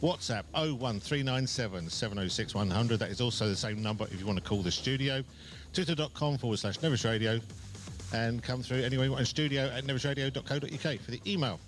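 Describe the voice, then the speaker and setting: A man hosting a live radio show, chatty and upbeat, reading out contact details and running a competition. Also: medium pitch. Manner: quick, chatty, upbeat presenter. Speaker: radio host. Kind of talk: casual live radio chat.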